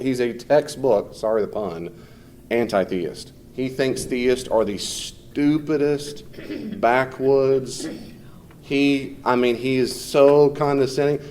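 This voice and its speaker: A man's voice: mid-range voice, a little mellow, slight background noise. Man lecturing a class off the cuff. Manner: conversational, off the cuff, mimics people in quotes. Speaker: teacher.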